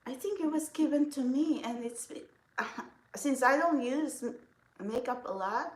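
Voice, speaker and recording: A woman's voice: high-pitched, unhurried. A woman chatting casually through a makeup vlog, rambling and giggling often as she talks. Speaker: vlogger. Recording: echoey room.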